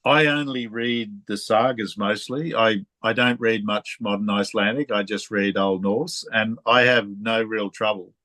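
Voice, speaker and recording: An Australian man interviewing a guest in a relaxed way, telling stories and laughing often. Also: lowish voice, unhurried, hardly any pauses, dry recording. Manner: chatty, storytelling, laughs often. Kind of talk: casual conversational interview.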